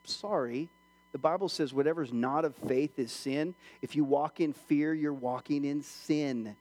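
A middle-aged male pastor delivers a casual, animated sermon, slipping into little voices for the people in his stories. His voice sits high, and a long church reverb trails every phrase. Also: unhurried. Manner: animated, acts out quoted voices.

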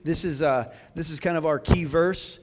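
Male pastor, casual joking sermon, somewhat high voice, long church reverb, through a PA. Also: normal speed. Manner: chatty and joking, many fillers and restarts. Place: church sanctuary.

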